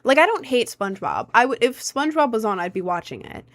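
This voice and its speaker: A woman's voice: on the high side, sing-song, fast talker, a bit bright, no room sound. Rambling young woman chatting with viewers. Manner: rambling, filler-heavy, self-conscious. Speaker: streamer answering chat. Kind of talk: casual chat.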